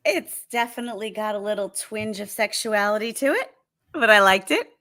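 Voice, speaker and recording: A female guest musician chatting in a friendly, upbeat interview. Her voice is mid-pitched and even. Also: moderate pace. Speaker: guest musician and jingle writer. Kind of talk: casual interview chat.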